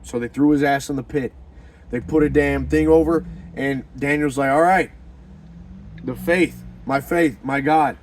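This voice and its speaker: Man, mid pitch, slangy, profane motivational preacher who swings from loud to hushed, faint hum behind. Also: steady tone, measured pace. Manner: swings from fired-up shouting to hushed low murmurs. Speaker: motivational talker. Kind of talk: animated religious pep talk.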